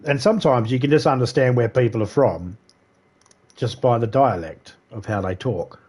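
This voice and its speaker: A man's voice: mid-range voice, normal speed, a little mellow, husky. A man chatting casually with his viewers while streaming a game, rambling and laughing often. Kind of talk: casual live-stream chat.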